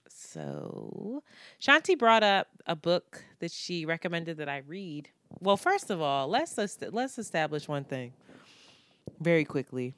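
A woman's voice: low-pitched, wildly swooping pitch, slow, a bit bright, no echo. A woman co-hosting a podcast in casual chat, teasing, laughing often and swearing freely. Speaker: podcast co-host.

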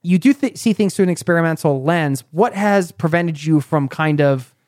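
A man hosting a podcast interview, asking questions in a rapid, playful, probing way. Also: a little high, darkish tone, no room sound, clean studio sound. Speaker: podcast host. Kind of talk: casual interview.

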